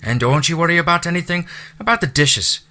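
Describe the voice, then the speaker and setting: A man's voice: a little high, animated, fairly quick, bright, forceful tone, pitched above the performer's own voice. A man voicing a chatty middle-aged Irish housekeeper in an audiobook, with a cheerful, motherly Irish brogue. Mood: cheery, motherly. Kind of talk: audiobook character voice.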